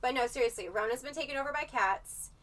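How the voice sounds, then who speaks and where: Bright, sharp-toned woman streamer, far from mic. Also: high voice, fast. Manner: profane, rambling, animated storytelling. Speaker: livestreamer. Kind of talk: casual livestream chat.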